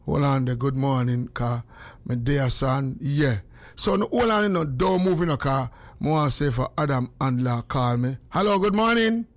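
A man hosting a radio show, bantering in a lively mix of patois and English. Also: mid-range voice, moderate pace. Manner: animated, mixing patois and English.

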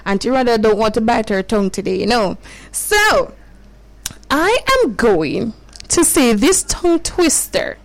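Slow high-voiced woman radio host. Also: lively intonation, low-quality recording. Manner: preachy, coaxing and repetitive. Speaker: children's radio show host. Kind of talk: radio talk to children.

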